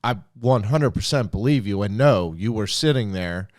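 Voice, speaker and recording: Profane, excitable man hosting a podcast. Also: lowish voice, moderate pace, no echo, studio quality. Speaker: podcast host. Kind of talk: casual podcast chat.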